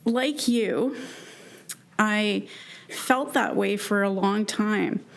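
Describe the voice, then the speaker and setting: A Canadian woman in her fifties gives a personal keynote to a live audience, earnest and emotional, with halting restarts. Her voice is mid-range and gravelly.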